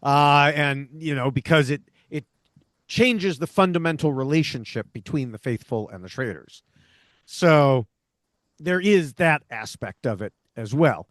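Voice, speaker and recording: Higher-pitched middle-aged man, dry sound. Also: animated, no room sound. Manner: measured and analytical, with frequent "you know" fillers. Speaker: podcast co-host, reality TV commentator. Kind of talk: casual podcast discussion.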